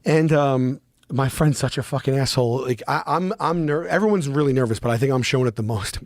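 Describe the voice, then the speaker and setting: A man telling a story in a casual talk, animated and expressive, swearing freely and acting out what others said. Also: mid-range voice, fairly quick, no echo. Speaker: podcast guest.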